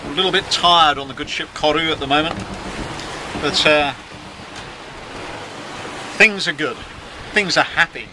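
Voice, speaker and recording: On the deck of a sailing yacht, amid wind and wave noise, a middle-aged skipper talks a little slowly in a fairly high voice, pausing often. His video diary is casual, wry and self-mocking.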